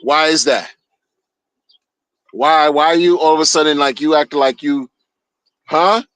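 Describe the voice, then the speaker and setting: A man talking straight into a streaming mic, ranting in a blunt, casual way with lots of slang. He circles back and repeats himself as he goes. His voice sits on the higher side, and the sound is dry with no room echo. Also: a little slow, a bit bright.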